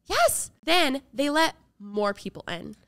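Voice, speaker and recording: A young woman co-hosting a podcast talks fast in a clear, resonant, fairly high voice with no room sound. In casual chat she tells a story with animation, acting out what people said.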